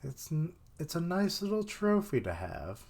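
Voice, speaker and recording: A man's voice: on the high side, wildly swooping pitch, normal speed, vocal fry, a little mellow. A man giving casual live reaction commentary on an anime, swearing freely and thinking aloud.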